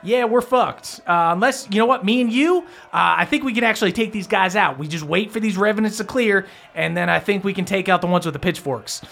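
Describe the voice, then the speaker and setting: A man's voice: sits high, a little fast, gravelly, few pauses, fairly bright tone, voice pushed up. A man doing a foul-mouthed panicky vampire spawn. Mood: frantic. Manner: swearing, jittery.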